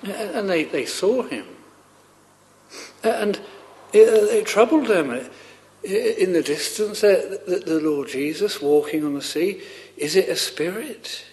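A man delivers a sermon in a slow, deliberate way, his voice sitting somewhat high. He stumbles and repeats words as he restarts, then rises fervently on pleading questions. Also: animated, darkish tone. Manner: halting and earnest, with frequent repeated words and restarts. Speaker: preacher.

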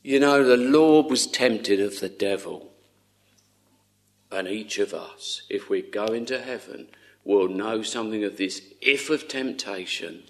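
A man preaching a sermon in an earnest, tender way, often dropping to a hush. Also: lowish voice, unhurried.

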